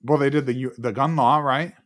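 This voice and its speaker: A man's voice: mid-range voice, steady tone, fairly quick, fairly bright tone. A man co-hosting a podcast in casual chat, rambling and sarcastic with lots of fillers. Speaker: podcast co-host.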